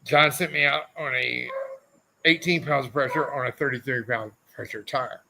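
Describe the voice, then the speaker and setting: A man who raced motorcycles, telling loud and profane stories as a podcast guest, often slipping into mock quotes of other people. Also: medium pitch, fairly even intonation, moderate pace, vocal fry, noisy background. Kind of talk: unfiltered storytelling, heavy swearing. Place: podcast studio.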